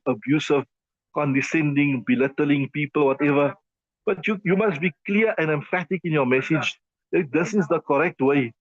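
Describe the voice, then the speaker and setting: A man teaching a Quran commentary class in a conversational, emphatic way, often repeating himself and using fillers. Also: a little high. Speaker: Islamic teacher. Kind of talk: tafsir class lecture. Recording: dull lo-fi dry sound.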